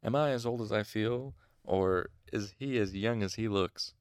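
A man's voice: fairly low pitch, measured pace, smooth, no room sound, studio quality, lightly acted. A man reading a grizzled, wry older student. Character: grizzled wild-haired man over fifty, weary and wry.

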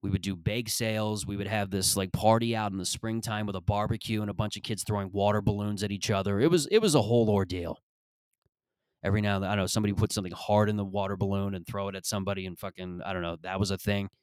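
A man's voice: fairly low pitch, fairly even intonation, quick pace, darkish tone, clean tone, no room sound, studio quality. A man in his thirties hosting a podcast, telling stories in a rambling, profane, comedic monologue. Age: 30s. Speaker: podcast host.

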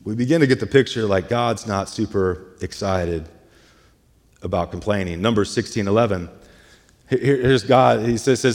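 A man's voice: on the low side, moderate pace, a little mellow. Casual-talking pastor man in a reverberant hall. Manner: casual, conversational retelling with "like" and "hey". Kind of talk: sermon. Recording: long reverb of a large hall.

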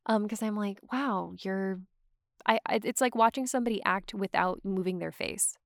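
A young adult woman from Georgia, USA, speaks in a medium pitch at a brisk pace, recorded dry with studio quality. She's a voice actor guest on a casual podcast, chatting and rambling with lots of "like" and frequent laughter.

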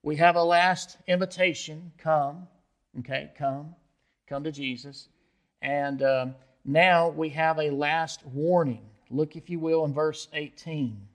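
A man's voice: a little high, steady tone, slow pace. A man preaching an expository sermon as pastor, often asking the listeners questions and checking in with them.

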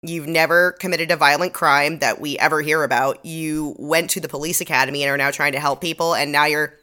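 A woman podcast co-host with a low-pitched voice and a bright, crisp edge. She talks casually through an episode recap, adding dry, sarcastic remarks. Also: fairly even intonation, brisk. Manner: sarcastic, wry commentary.

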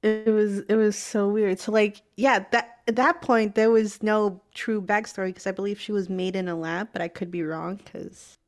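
A young woman in a casual podcast conversation. She explains things loosely and adds little hedges as she goes. Her voice is at a middle pitch for a woman. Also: steady tone, moderate pace, hardly any pauses. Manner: chatty, unsure, hedging. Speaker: podcast co-host.

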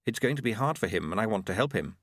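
A man voicing a calm, determined young woman who speaks in a measured, gently persistent way. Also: lowish voice, no room sound, clean studio sound. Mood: gentle.

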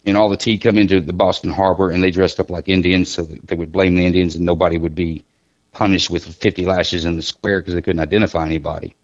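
A man's voice: low voice, little pitch movement, fast talker, muffled recording. A middle-aged man chatting casually as a podcast guest, rambling and joking through his stories with many restarts. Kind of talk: casual chat.

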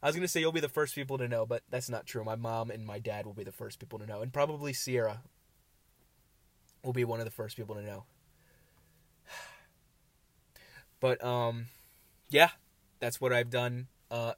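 A man's voice: medium pitch, moderate pace, long pauses, a bit bright, no echo. A tired young man hosting a casual solo podcast, rambling and self-deprecating, easily distracted, talking outdoors. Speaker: podcast host.

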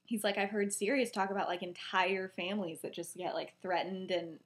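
A woman's voice: mid-range voice, steady tone, fairly quick. A young woman casually retelling a story on a podcast, chatty and full of "he's like" quotes. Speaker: podcast co-host.

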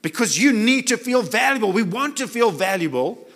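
Bright-voiced preacher man. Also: high-pitched, very animated, moderate pace. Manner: emphatic, asks the crowd to repeat words. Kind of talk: sermon.

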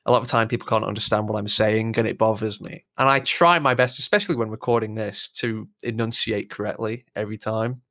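A young man with a rough Lancashire accent, chatting casually as a podcast co-host, sweary and self-deprecating. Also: lowish voice, fairly even intonation, fast, hardly any pauses, a bit bright, dry recording, studio quality. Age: young adult. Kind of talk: casual chat.

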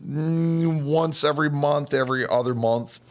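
A man's voice: fairly high pitch, measured pace. A man co-hosting a casual livestream chat, laid-back and making dry quips.

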